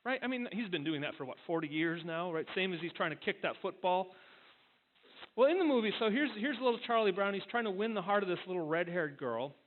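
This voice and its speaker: A man's voice: sits high, lively intonation, fairly quick. A male pastor giving a sermon in a conversational storytelling way, often restarting his words. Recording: tinny phone-like sound.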